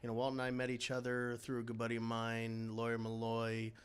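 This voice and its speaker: A man speaking as a podcast co-host in casual chat, laid-back and joking, often pausing with ums and uhs. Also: medium pitch, monotone, smooth. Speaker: podcast co-host and former baseball player.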